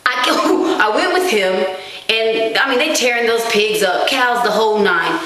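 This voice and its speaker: A woman's voice: fairly high pitch, normal speed. Chatty woman in an echoey room. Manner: chatty, animated, self-mocking. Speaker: vlogger. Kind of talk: casual chat to camera. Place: small dim room at home.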